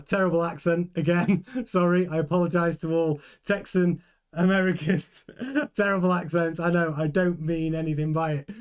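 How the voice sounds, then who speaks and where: A man's voice: fairly high pitch, fairly even intonation, normal speed, clear, resonant tone. A man hosting a live motorsport news stream, chatting casually, reading out viewer comments and thinking aloud with many fillers and restarts.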